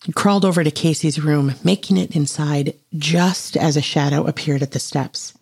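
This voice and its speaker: A man narrating a second-person horror story in a hushed, tense way. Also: a little high, steady tone, moderate pace, creaky, breathy edge.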